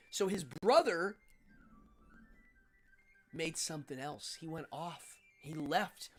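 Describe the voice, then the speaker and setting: A man hosting a casual livestream, rambling and excitable, laughing often and reacting out loud to chat messages. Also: high voice, slow, pauses often, faint music behind. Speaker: host.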